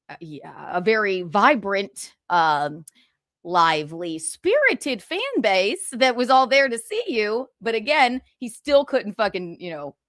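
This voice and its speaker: A woman's voice: mid-range voice, a bit bright, dry recording. Sarcastic woman gossip streamer, dry mic. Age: 30s. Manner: sarcastic, profane, laughing asides. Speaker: livestream host. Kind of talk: casual gossip commentary.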